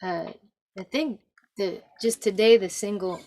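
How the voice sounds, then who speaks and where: A woman musician chatting casually on a video call, halting and low-key, her voice trailing off quietly. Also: soft background music. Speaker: musician guest. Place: home, Texas.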